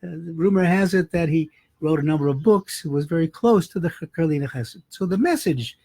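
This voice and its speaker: A man's voice: a little high, a little fast, dark tone, husky, no echo. A man, a rabbi, telling a holiday story in a folksy, conversational sermon.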